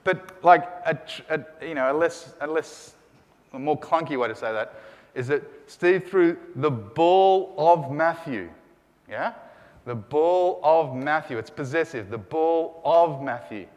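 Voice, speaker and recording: A man's voice: on the high side, measured pace, long reverb tail. A man teaching Greek grammar in a lecture, drilling his students with call and response. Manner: energetic, call-and-response drilling, rising to shouts. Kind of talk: classroom lecture. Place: lecture room.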